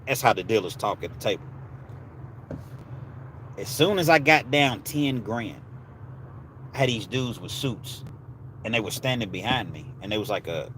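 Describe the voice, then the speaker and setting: A livestream host with a fairly low, fairly bright voice speaks expressively at normal speed, leaving long pauses. He chats casually with viewers and tells laid-back stories using street slang, with slight background noise present.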